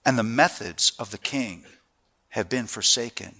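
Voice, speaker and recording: A middle-aged man preaching a sermon, telling family stories in a lively way and then dropping to a hushed, earnest tone. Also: medium pitch, measured pace. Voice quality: animated storyteller who drops to a hushed, earnest tone.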